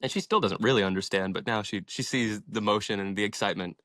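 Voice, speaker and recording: A man's voice: lowish voice, fast, bright, forceful tone, no echo, clean studio sound. A young man in his twenties, a podcast guest, telling his story in a passionate, inspirational way and swearing freely. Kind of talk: casual storytelling in an interview.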